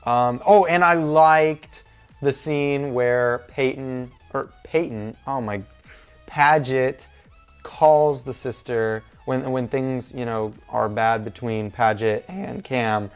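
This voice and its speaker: A man's voice: medium pitch, fairly even intonation, takes it slowly, clean tone, soft background music. A young man talking through a movie review in a casual, rambling, informal way.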